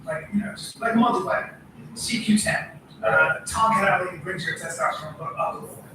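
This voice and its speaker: A middle-aged man co-hosting a podcast, telling animated stories in casual, swearing chat. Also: sits high, fairly quick, far from the mic, background noise. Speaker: podcast co-host. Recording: echoey room from off-mic.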